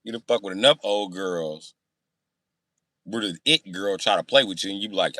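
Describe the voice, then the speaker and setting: A young man on a casual live stream, reading chat and telling profane, boastful stories, swinging between loud outbursts and low mutters. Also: normal speed, no room sound, studio quality.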